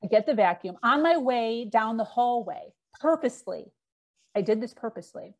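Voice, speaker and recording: A woman's voice: fairly high pitch, animated, normal speed. A middle-aged woman, a podcast guest, candidly telling her own story with frequent fillers and acted-out quotes.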